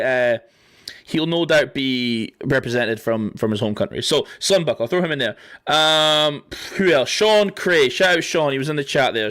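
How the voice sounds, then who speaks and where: A man's voice: on the high side, fairly bright tone. Rambling man streaming. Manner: rambling, swearing, laughing often. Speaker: livestream host. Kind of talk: casual livestream chat.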